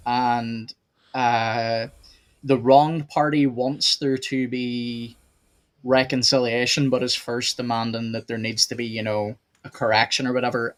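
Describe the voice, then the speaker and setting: A man with an Irish accent hosting a casual theology podcast, asking long, rambling questions. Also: medium pitch. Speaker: podcast host.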